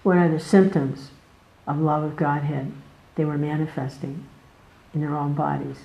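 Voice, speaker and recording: A woman giving a devotional scripture class, telling the stories in an animated way, laughing often and jumping up in pitch. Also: normal speed, vocal fry, echoey room, low-quality recording.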